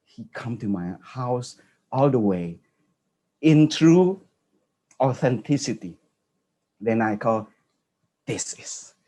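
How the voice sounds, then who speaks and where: A man with an Indonesian accent telling an earnest personal story at a conference, halting and restarting often. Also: medium pitch, darkish tone, husky. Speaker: conference speaker.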